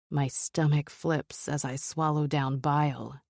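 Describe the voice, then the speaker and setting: Woman audiobook narrator, low pitch, measured first-person telling, dry close mic. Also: fairly even intonation, creaky, a little mellow, no echo.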